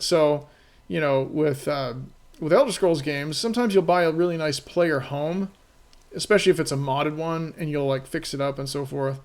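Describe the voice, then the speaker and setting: A man with a fairly high voice talks on a live stream about the game he is making. He rambles, loses his thread and restarts, and leans on "you know" and "right?" to keep the chat with him. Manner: rambling, filler-heavy, keeps checking in with "right?".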